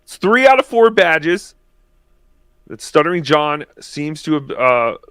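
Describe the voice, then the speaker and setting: A man's voice: on the high side, very animated, slow pace, fairly bright tone, clean tone, dry recording. A man co-hosting a casual legal commentary chat, playful and hesitant with many fillers. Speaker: co-host.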